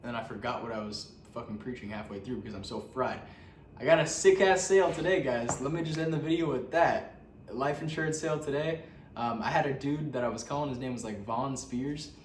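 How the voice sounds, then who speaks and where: A man's voice: medium pitch, a little fast. A young man talking casually to camera as a vlogger, slangy and profane, full of fillers and restarts. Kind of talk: casual motivational talk to camera. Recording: roomy, distant from the mic, faint background noise.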